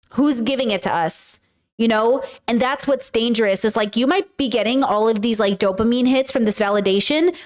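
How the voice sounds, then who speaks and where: Woman streamer, a bit higher voice, candid, swears freely, chats with her viewers. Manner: candid, profane, talks to chat. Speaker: livestream host. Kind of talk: casual livestream talk.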